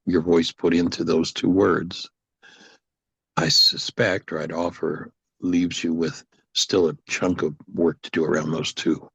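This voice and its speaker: A man hosting a coaching conversation on a video call, offering gentle, measured suggestions. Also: deep voice, creaky, breathy edge, no echo, dull audio. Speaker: host and teacher.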